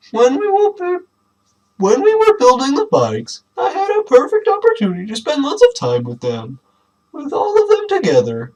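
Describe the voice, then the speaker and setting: A man reading aloud mockingly, voicing a preachy, proud dinosaur father in a high, sing-song voice. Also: full character voice, poor audio. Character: overly cheerful dinosaur dad, preachy and proud.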